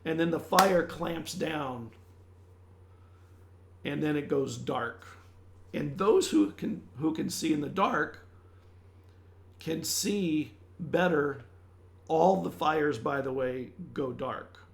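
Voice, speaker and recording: A man runs a tabletop game, narrating in a loose and halting way. His voice is a bit high and has a gravelly rasp. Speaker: game master.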